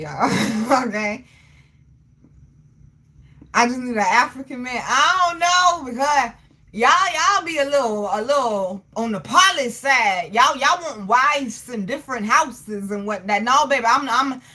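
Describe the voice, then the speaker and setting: A woman chats on a livestream, reading comments aloud. Her voice sits a little high and sounds bright and forceful. She teases her viewers and laughs a lot, tagging her lines with "okay?". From Portsmouth, Virginia, US. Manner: teasing, laughs often, frequent 'okay?' tags. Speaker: livestream host.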